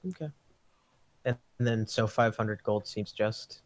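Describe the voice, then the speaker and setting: A man taking part in a tabletop role-play, halting and a little defensive. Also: lowish voice, little pitch movement, no room sound. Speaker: player.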